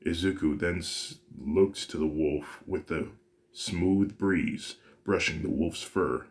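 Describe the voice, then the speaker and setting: Deep-voiced man casually narrating a fan story. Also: takes it slowly. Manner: casual, with frequent restarts and self-corrections. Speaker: story reader.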